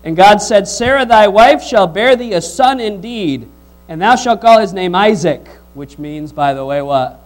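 A man preaching a sermon, reading scripture aloud and putting questions to the congregation in an animated way. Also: high voice, a little slow, soft background music, low-quality recording.

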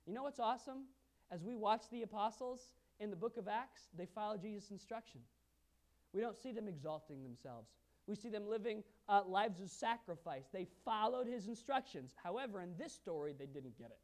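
A male pastor preaching a sermon, asking the audience questions and swinging from quiet asides to loud emphasis. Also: high-pitched, animated, brisk.

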